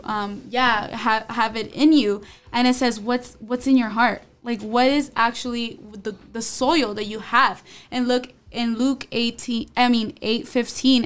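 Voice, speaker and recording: A young woman reflecting in a casual church group discussion, quoting verses as she goes. Her voice is smooth and clear, set a little high. She speaks in a thoughtful, considered way. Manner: thoughtful, reflective, quotes scripture. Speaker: church youth group member.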